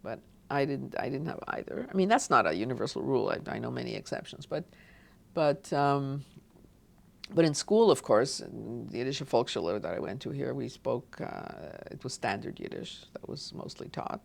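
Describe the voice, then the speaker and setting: A woman's voice: a bass voice, lively intonation, moderate pace, vocal fry, a little mellow. A woman from Montreal, an oral history interviewee, reminiscing in a rambling way with frequent restarts and asides. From Montreal, Canada.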